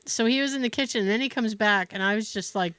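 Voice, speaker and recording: A woman's voice: fairly high pitch, fast, clean tone, dry recording. A woman podcast host telling a family story in casual chat, acting out quoted dialogue. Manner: animated storyteller who acts out quoted dialogue and laughs often.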